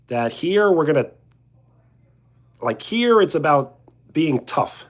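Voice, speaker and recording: Young male streamer, husky tone, lively up-and-down delivery, jokey and loose with chat. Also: a little high, slow pace, pauses often. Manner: joking, chuckling, reading viewer questions aloud. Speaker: livestreamer answering chat. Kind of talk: casual live chat.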